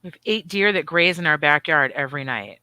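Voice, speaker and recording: A middle-aged woman co-hosting a live chat show, telling animated, profane stories with voiced asides. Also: low-pitched, a little fast, smooth, no room sound. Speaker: podcast co-host. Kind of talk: casual chat.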